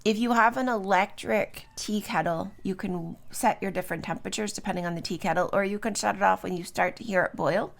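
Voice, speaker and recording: A woman's voice: medium pitch, fairly quick, vocal fry, hardly any pauses. A middle-aged woman hosting a solo podcast at home, chatty and loose, full of fillers and little tag questions. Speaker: podcast host. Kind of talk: solo podcast talk on herbs. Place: home, early morning.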